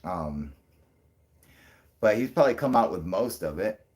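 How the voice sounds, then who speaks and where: A man hosting a casual livestream, rambling and thinking out loud with lots of fillers, frequent swearing and chuckles. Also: low voice, lively intonation, measured pace. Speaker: channel host.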